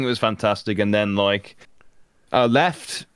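Excitable man, low voice, dry sound. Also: measured pace, clear, resonant tone, no room sound. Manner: excitable, rambling with many restarts. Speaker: voice actor guest. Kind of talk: casual interview chat.

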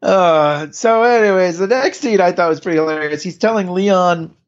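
A man's voice: high voice, normal speed, highs cut off. A man co-hosting a podcast, recapping a TV episode in casual chat, rambling with restarts and laughs. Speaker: podcast co-host.

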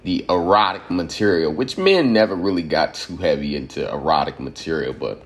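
A man's voice: a bass voice, animated, moderate pace. A man from Georgia, giving a loose, profane commentary monologue and laughing at his own points.

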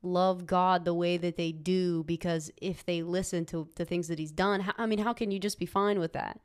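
Smooth-voiced woman giving blunt opinions. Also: on the low side, fairly even intonation, normal speed. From United States. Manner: opinionated and blunt, casual swearing. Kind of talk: casual chat.

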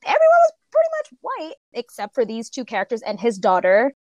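A woman's voice: a little high, wildly swooping pitch, brisk, a little mellow, dry recording, muffled recording. A woman in a casual film discussion, talking animatedly, laughing often and filling with "like".

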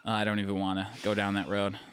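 A man's voice: fairly low pitch, completely flat delivery, fast talker, clear, resonant tone. A young man co-hosting a podcast, chatting casually, joking and telling stories with plenty of swearing. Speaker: podcast co-host. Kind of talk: casual chat.

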